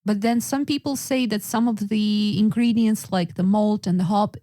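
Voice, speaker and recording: A woman's voice: mid-range voice, steady tone, normal speed, dark tone, dry recording, clean studio sound. A woman from Russia co-hosting a podcast in casual chat, chatty and fond of acting out what people said. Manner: chatty, acts out quoted lines. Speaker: podcast co-host.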